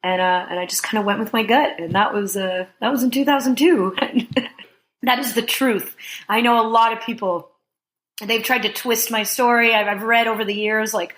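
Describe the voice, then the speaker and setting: A woman in her thirties, a podcast guest, telling a long casual story in an animated way, laughing often and filling her talk with "like.". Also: medium pitch, moderate pace. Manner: animated, laughing, heavy use of "like".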